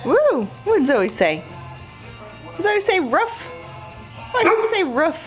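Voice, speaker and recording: A mother talks to her baby indoors in a very high, swooping baby-talk voice, cheering and cooing. She speaks slowly and drawn out. The home video sounds muffled and lo-fi, with music playing clearly in the background. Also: big pitch swings.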